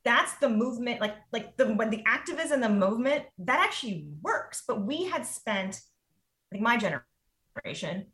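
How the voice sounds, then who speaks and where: A woman in her forties, a guest in a casual conversation, talking in an animated way and acting out her own reactions. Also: fairly high pitch, moderate pace. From United States. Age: 40s.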